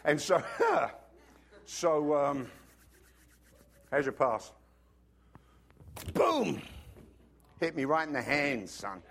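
Animated pastor preaching. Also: male voice, on the high side, slow pace, pauses often. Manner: animated storytelling, sudden swings from loud to hushed. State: has a cough. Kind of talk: sermon.

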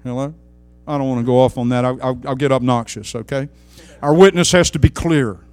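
A man preaching a sermon with passion, swinging between loud, fervent outbursts and quiet, hushed asides. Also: medium pitch, a little fast, dry recording.

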